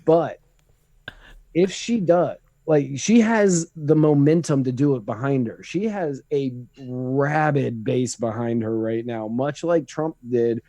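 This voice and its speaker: A man's voice: mid-range voice, slow, dark tone, dry recording. A man co-hosting a podcast, giving opinionated, rambling political takes in casual chat. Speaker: podcast co-host.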